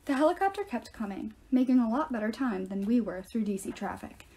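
Mellow woman reading a novel aloud. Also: a little high, brisk, husky. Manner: steady first-person storytelling. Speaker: reader.

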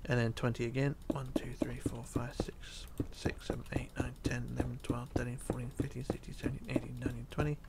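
A tired man narrating a building tutorial, counting quietly under his breath as he works. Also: mid-range voice, fairly quick, vocal fry, few pauses, very noisy. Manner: relaxed, counting blocks under his breath, drops to near whisper. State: tired, yawning. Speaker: tutorial host. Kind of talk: casual game tutorial narration.

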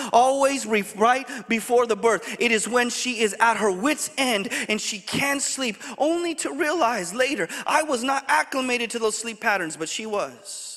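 Guy pastor with a real high voice telling stories in a sermon, big echoey church hall. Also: a bit bright. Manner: storytelling, quick and halting with many restarts. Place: church sanctuary.

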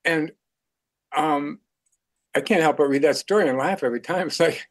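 A man's voice: on the high side, normal speed, pauses often. An older man speaking as a radio guest in an earnest faith conversation, chuckling now and then.

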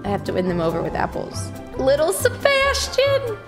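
Young woman gamer streaming, high voice, all over the place, gasps and swears a lot, music going in the background. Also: normal speed. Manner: excitable, gasping and swearing at the game. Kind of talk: casual gaming stream chatter. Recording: music playing behind her.

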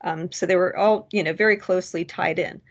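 A woman presenting research at a public commission meeting, halting, with many fillers and restarts. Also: on the low side, steady tone, muffled recording.

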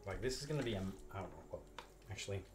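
A man's voice: low voice, expressive, very fast, noisy background. A man chatting casually and rambling with jokes and offhand swearing while he cooks on a live stream. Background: loud music.

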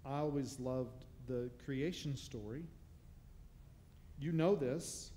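A man's voice: medium pitch, takes it slowly, mellow. A male pastor preaching a sermon in a church, conversational and humorous, with rhetorical questions. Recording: long reverb of a large hall.

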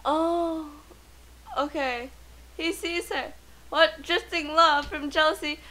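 A woman giving chatty, excitable commentary while playing a life-simulation game. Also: high voice, a little slow, rough recording. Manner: chatty, excitable, gasps and laughs often. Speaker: let's play gamer. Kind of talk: casual gameplay commentary.

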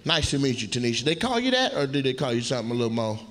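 A man's voice: medium pitch, very animated, very fast. A male stand-up comedian doing crowd work, teasing audience members in a brash, profane way. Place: comedy club stage before a laughing audience. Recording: live club audio with loud crowd laughter.

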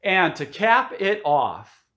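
A pastor preaching a sermon, explaining the text with emphasis. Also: male voice, sits high, big pitch swings, takes it slowly, sharp tone.

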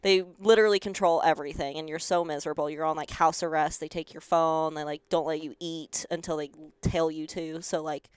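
A young woman from rural Colorado with a country twang, telling stories as an interview guest in an animated, sarcastic way, swearing freely and acting out the people she quotes. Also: low voice, brisk, few pauses, clear, resonant tone, no echo. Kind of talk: casual interview storytelling.

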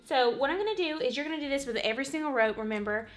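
A woman's voice: high-pitched, animated, racing. A woman giving a casual, rambling craft tutorial at home, saying "y'all" and "literally" a lot. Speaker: craft vlogger. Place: home, working on a wall hanging.

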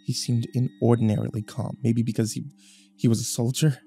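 A man's voice: medium pitch, level tone, fairly quick, creaky, mellow, faint music behind. A man narrating a first-person horror story in a tense, dramatic reading.

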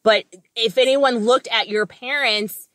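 A woman's voice: a little high, fairly even intonation, measured pace, a bit bright, no echo, clean studio sound. An American woman co-hosting a podcast, chatty and opinionated, with casual swearing. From United States. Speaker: podcast co-host. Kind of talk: casual chat.

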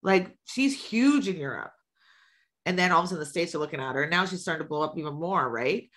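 A woman's voice: fairly low pitch, expressive, quick pace, a bit bright. A woman who books music acts, chatting casually as a podcast guest, blunt and swearing freely. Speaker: guest, music promoter and booking agent.

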